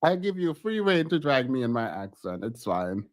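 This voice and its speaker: A man who grew up outside the US, streaming casual commentary on a show, animated and laughing often as his voice jumps up. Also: on the high side, moderate pace.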